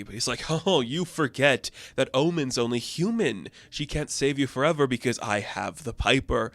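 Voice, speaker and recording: Young male comic reviewer, casual recap, animated, acts out the quotes, dry close sound. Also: medium pitch, moderate pace, few pauses, no echo. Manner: animated, acts out characters' lines.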